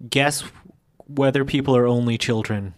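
A man co-hosting a podcast, chatting casually with deadpan, dry humor. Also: mid-range voice, moderate pace, dry recording. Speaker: podcast co-host. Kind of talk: casual chat.

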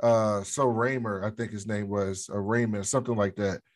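A man's voice: lowish voice, steady tone, normal speed, no echo. A young adult man with an African American English accent, co-hosting a casual show recap in a laid-back, rambling way. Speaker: podcast co-host.

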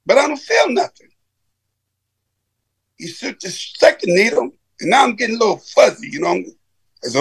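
A man's voice: high voice, gravelly, slightly rough. A middle-aged man giving an emotional personal testimony to an audience, telling it dramatically and calling his listeners brother. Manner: dramatic storyteller who addresses listeners as brother. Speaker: speaker giving manhood training.

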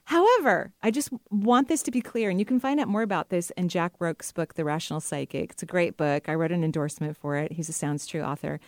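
A middle-aged woman hosting a talk radio show as a psychic medium, chatty and enthusiastic and quick to laugh. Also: on the low side, darkish tone, no room sound, studio quality.

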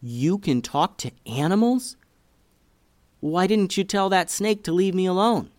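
A dramatic young boy in a children's audio story, his voice pushed high and loud as he panics and exclaims. A man acts him out with lively ups and downs in a dry, close sound. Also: unhurried, no room sound. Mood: amazed. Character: excitable boy, a bit dramatic and jumpy.

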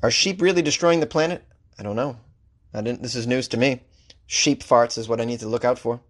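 A man's voice: mid-range voice, fairly quick. A man who hosts a comedy news podcast, reading odd stories and ranting about them with sarcastic mock outrage. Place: Los Angeles.

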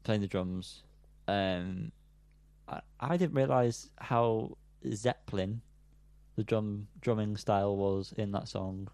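A man's voice: lowish voice, fairly even intonation, takes it slowly, vocal fry, a little mellow, no room sound. A man co-hosting a music podcast, chatting casually with lots of ums and self-amused asides. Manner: rambling, frequent ums, laughs at himself. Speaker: podcast co-host.

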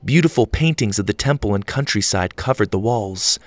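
A man narrating a children's adventure story with an animated, expressive read. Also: fairly low pitch, normal speed, dry recording, soft background music.

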